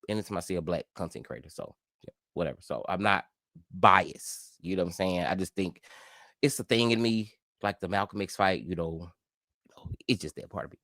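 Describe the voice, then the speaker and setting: A middle-aged man from Memphis talks in a loose, rambling vlog style, cursing often and circling back over his own sentences. His voice sits low, and it is recorded close and dry with no room around it. Now and then he jumps up into high, animated exclamations. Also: dry recording. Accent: Memphis Southern. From Memphis, Tennessee. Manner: rambling, profane, with frequent self-interruptions and restarts. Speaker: YouTube commentary host. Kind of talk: casual vlog commentary.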